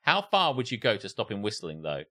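A man holds forth as a podcast co-host, swearing freely and acting out scenes as he rants. His pitch swings widely from high to low while he tells his stories. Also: brisk. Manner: sweary, animated ranting with acted-out impressions. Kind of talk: casual chat.

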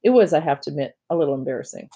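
An audiobook reader narrating a children's novel in the first person, with casual, kid-like storytelling and lively emphasis. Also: mid-range voice, racing, highs cut off.

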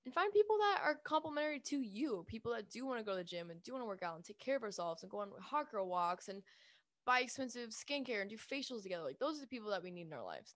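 A woman's voice: medium pitch, fairly bright tone, dry recording, clean studio sound. A young adult woman ranting casually to her viewers, blunt and emphatic, swearing freely and filling her speech with "like". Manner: speaks with lots of "like" fillers. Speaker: vlogger. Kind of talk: casual rant to camera.

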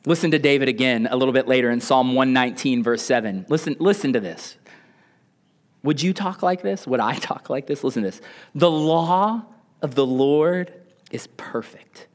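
A man's voice: mid-range voice, expressive, brisk. A male pastor preaching a sermon, calling out to the congregation and dropping to a near whisper on key phrases.

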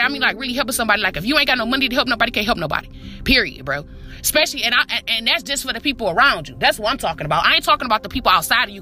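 A woman's voice: high voice, bright, forceful tone. A woman hosting a podcast, giving a profane, preachy motivational monologue straight to the listener, calling them her baby and repeating herself for emphasis. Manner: repetitive, emphatic street talk. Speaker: podcast host.

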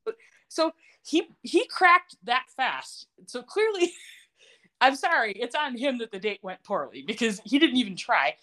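Woman, podcast host, sarcastic, laughs often, bit high, swoops all over. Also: big pitch swings, measured pace, bright, forceful tone. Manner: sarcastic, laughing, blunt and profane. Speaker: podcast host recapping a TV series. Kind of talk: casual chat.

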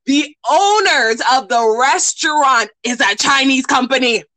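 Woman podcast co-host, bright forceful voice, slightly high, animated storytelling, dry close sound. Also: unhurried, no room sound, low-quality recording. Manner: animated, profane, acts out quoted voices. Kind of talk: casual storytelling chat.

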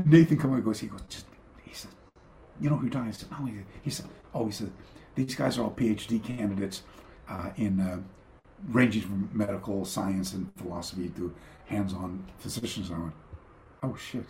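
A man's voice: fairly low pitch, moderate pace, dark tone, slight background noise. An older man, a karate teacher, telling long anecdotes in a casual interview over a video call, with many restarts and acted-out quotes.

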